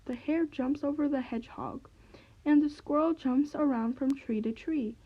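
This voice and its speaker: A woman reading a children's story aloud, gentle and clear. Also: sits high, normal speed, highs cut off.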